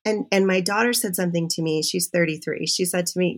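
A middle-aged woman, a podcast guest, telling her personal story in an animated, confessional way. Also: on the low side, quick pace, hardly any pauses. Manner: animated and confessional, with self-interruptions.

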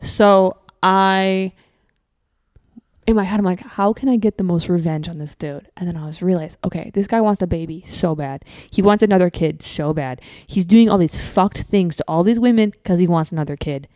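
A young woman telling wild stories as a podcast guest, animated and profane, acting out the other people in her stories. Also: fairly low pitch, no room sound. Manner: profane, animated, rapid storytelling with quoted asides. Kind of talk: casual storytelling.

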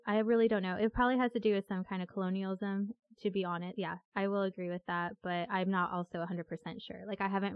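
A woman hosting a casual chat, animated and quick to exclaim. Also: medium pitch, dry recording. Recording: dull, lo-fi audio with faint music.

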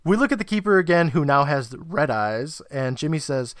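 A man's voice: mid-range voice, animated, fairly quick, few pauses, fairly bright tone, dry recording, studio quality. A man co-hosting a podcast, recapping an episode in a laid-back, storytelling way and laughing often. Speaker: podcast co-host.

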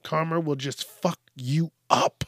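Male podcast host, higher-pitched, dry close sound; profane, animated rambling monologue. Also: takes it slowly, no room sound. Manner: profane, animated, acts out quoted rude customers.

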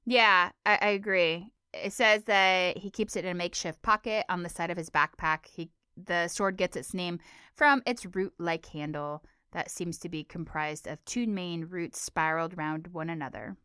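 Low-voiced woman chatting and recapping. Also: moderate pace, sharp tone, smooth, no echo, studio quality. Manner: chatty, giggly, playful. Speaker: podcast co-host. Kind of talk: casual chat recapping a cartoon episode.

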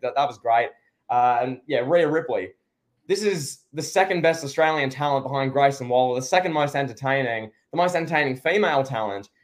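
A man co-hosting a casual wrestling review podcast, talking in a rambling, sarcastic way and often restarting his sentences. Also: fairly high pitch. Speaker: podcast co-host.

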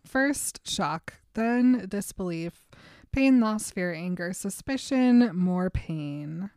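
A woman's voice: medium pitch, a little mellow, dry recording, studio quality. A young adult woman co-hosting a podcast, retelling a novel in casual chat, chatty and often giggling. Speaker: podcast co-host.

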